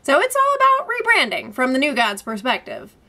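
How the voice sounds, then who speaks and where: A woman reviewing a TV episode, animated and quick to laugh, with vivid, wordy descriptions. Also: high-pitched. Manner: animated, laughs often between points.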